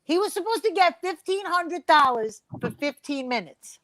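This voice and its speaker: A brash woman comedian spins a profane backstage story with a high, bright voice. Her sound is close and dry, with no room around it. She jumps into other people's voices as she goes. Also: expressive, normal speed, dry recording. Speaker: comedian guest. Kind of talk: storytelling round-table chat.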